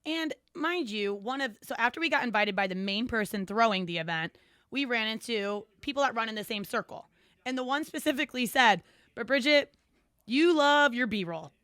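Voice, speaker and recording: A woman's voice: a little high, fairly quick, fairly bright tone, no echo, studio quality. A woman co-hosting a podcast, telling stories in casual chat with a chatty, giggly manner. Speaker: podcast co-host.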